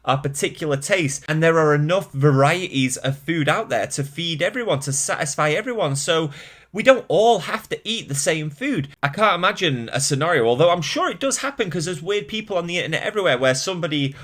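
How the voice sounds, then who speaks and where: A man's voice: a little high, animated, brisk, a bit bright. Man, mild Mancunian accent, candid vlog rant, exasperated, self-mocking laughs, casual swearing. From Manchester, England. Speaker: fitness YouTuber.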